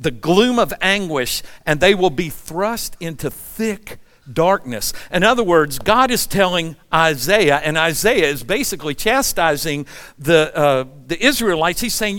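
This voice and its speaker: A man in his sixties preaching a sermon in a relaxed, conversational storytelling way, often asking the congregation questions. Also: on the high side, measured pace. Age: 60s. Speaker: pastor.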